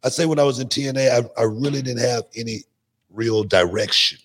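A middle-aged man, a guest on a podcast, telling stories in a lively way and often repeating his words. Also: mid-range voice. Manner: animated storyteller, repeats words, quick restarts. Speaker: guest, former wrestler. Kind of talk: casual podcast interview storytelling.

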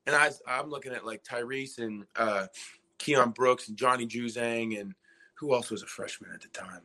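A young man with a bright, forceful voice recounts a story on a podcast. He rambles through it and keeps slipping into quoted lines from himself and the people around him. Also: mid-range voice, normal speed. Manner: rambling, retells scenes by quoting himself and others. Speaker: podcast guest, former college basketball player. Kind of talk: casual storytelling interview.

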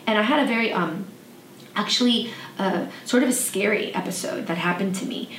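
A woman hosting a podcast, telling a personal story in a soft, reflective way with frequent fillers. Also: medium pitch, fairly quick. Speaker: podcast host. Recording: echoey room, slightly distant mic, faint noise.

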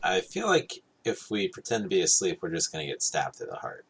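A man's voice: low voice, huge pitch swings, brisk, fairly bright tone, husky. A man appearing as a podcast guest, joking and laughing often in casual chat.

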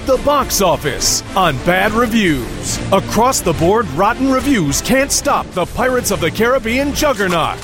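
A male announcer reads a mock movie-news spot in a high, swooping voice. His punchy, sarcastic delivery sits over a loud music bed in a produced comedy bit. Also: very animated, a little slow, hardly any pauses.

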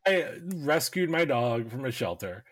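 A man's voice: medium pitch, sing-song, a little slow. A man hosting a basketball podcast, chatting in a laid-back way, laughing often and swearing casually. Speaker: podcast host. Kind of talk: casual chat.

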